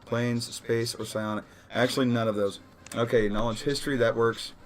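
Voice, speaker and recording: A man's voice: medium pitch, fairly even intonation, normal speed, soft background music. Laid-back male game master. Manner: casual, laughing, correcting himself. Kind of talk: running a tabletop game session.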